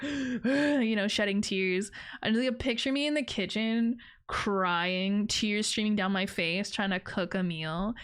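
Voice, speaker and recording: A young woman chats on her livestream with a smooth, clean voice at a middle pitch. She rambles loosely and mocks herself, breaking into giggles now and then. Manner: rambling, self-deprecating, giggly. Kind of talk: casual stream chat.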